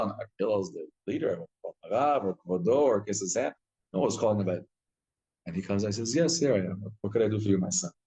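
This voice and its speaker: A man teaching a Torah class, telling stories with lively acted-out quotes and frequent restarts. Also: mid-range voice, rough recording. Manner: animated storytelling, acts out quotes, frequent restarts.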